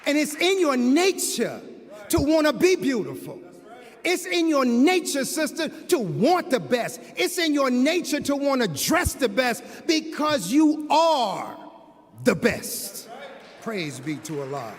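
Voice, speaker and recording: A man preaching an impassioned sermon as a minister, building to shouts. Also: very high-pitched, big pitch swings, takes it slowly, slight background noise. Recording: long hall reverb.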